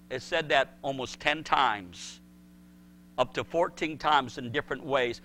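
A man's voice: mid-range voice, measured pace, sharp tone. A male pastor preaching a sermon, emphatic and repetitive, acting out the voices he quotes.

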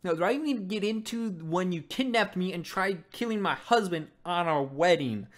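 Indignant grown daughter calling out her dad, mid-pitched, plain, as a reviewer reads her lines. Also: expressive, normal speed, lightly acted. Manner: indignant, rising exasperation. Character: angry young woman confronting her father.

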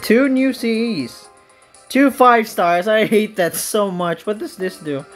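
A woman hosting a gaming channel, giving casual, melodramatic commentary on her game summons, self-pitying with sudden shrill outbursts. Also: slow pace, faint music behind.

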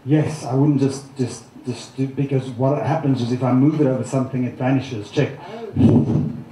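A man performing as a stage hypnotist, teasing volunteers with loud, animated banter in a live comedy show. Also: mid-range voice, moderate pace, slight background noise. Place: large theatre stage with audience. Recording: echoey theatre with loud crowd.

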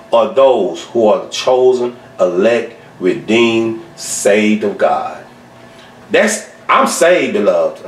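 A pastor teaching a Bible study and leading a closing prayer, swelling to emphatic highs and then dropping low and soft. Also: male voice. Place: church sanctuary. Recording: echoey church sound from a distance.

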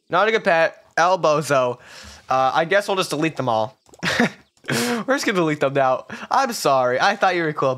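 A man doing excitable, melodramatic gameplay commentary as a gaming video creator. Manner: excitable, melodramatic, jumps to squeaky yelps. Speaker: gaming YouTuber.

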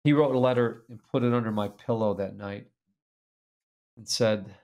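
A middle-aged man in an interview, telling a story in an animated way and laughing as he reads old letters aloud. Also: lowish voice, moderate pace. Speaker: author and speaker.

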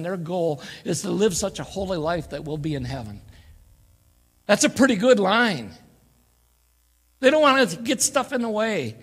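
In a church sanctuary, a man preaches a folksy guest sermon, mixing jokes and laughter with scripture. His voice is high and a bit bright, and the church live stream carries a long hall reverb.

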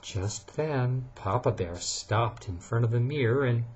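A man reading a bedtime story to his child, softly and lively, pausing to ask her questions. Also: medium pitch, breathy edge, muffled recording.

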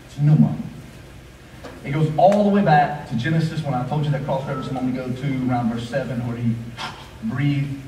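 A male pastor preaching a sermon, rhythmic and repetitive, swinging between quiet asides and raised, emphatic lines. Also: mid-range voice, fast, slight background noise. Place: church sanctuary. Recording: echoey hall, voice from a distance, faint ambience.

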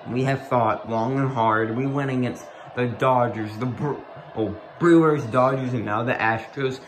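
A young man talks slowly, stumbling and repeating himself as a sports fan reacting live. He keeps saying he can't talk, and his words come out in broken bursts. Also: medium pitch, slight background noise. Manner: breathless, stammering, repeats "bro" and "oh my gosh".

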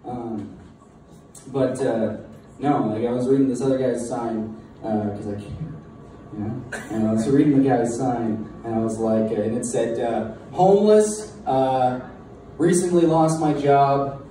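A young man doing a halting, self-deprecating stand-up set in a bar taproom. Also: mid-range voice, fairly even intonation, warm tone. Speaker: stand-up comedian. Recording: echoey distant room mic with crowd noise.

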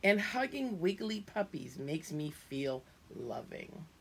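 A middle-aged woman, a preschool teacher at home, reading a picture book aloud to small children in a gentle, singsong way. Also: low voice, big pitch swings, slow, a little hiss or hum. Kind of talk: children's storybook read-aloud.

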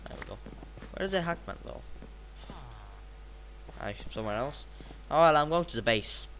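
A teenage boy, sounding a little sick, narrating his gameplay in a rambling, excitable way with sudden bursts of repeated exclamations. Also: a little high, normal speed, a little hiss or hum, low-quality recording. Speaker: gaming channel host. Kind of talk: gameplay commentary.

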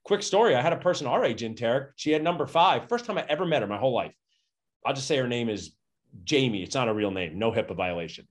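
A middle-aged man, a dentist, telling stories energetically and acting out quotes in a conversational interview. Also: fast talker. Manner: energetic, acts out quotes with big pitch jumps. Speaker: dentist and podcast guest. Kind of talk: animated storytelling conversation.

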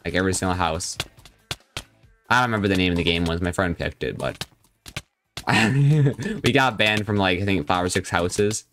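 A man's voice: sits low, lively intonation, moderate pace, pauses often, a bit bright, faint music behind. Chatty young male game streamer. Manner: chatty, joking, reads and answers viewer chat. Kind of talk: casual live-stream chat.

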